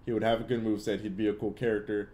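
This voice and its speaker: A young man hosts a laid-back livestream Q&A, answering viewers with blunt, opinionated takes and loose, rambling filler. His voice sits low, and its tone is dark and mellow. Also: level tone, racing. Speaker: livestream host answering chat. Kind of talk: casual Q&A livestream chat.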